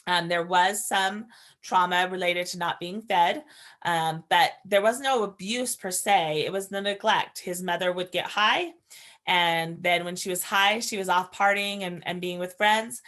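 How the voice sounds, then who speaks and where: This foster parent trainer speaks a little slowly, her voice on the low side and a bit bright. Her lecture is earnest and conversational as she lays out ideas and draws on anecdotes from her own household.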